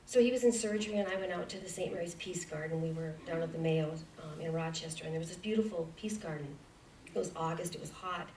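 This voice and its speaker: A woman's voice: lowish voice, fast talker, slight background noise. Woman speaking from afar in an echoey church. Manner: earnest, dips into soft whispers. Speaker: guest speaker. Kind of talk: personal testimony talk. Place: church sanctuary. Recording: echoey church hall from far off.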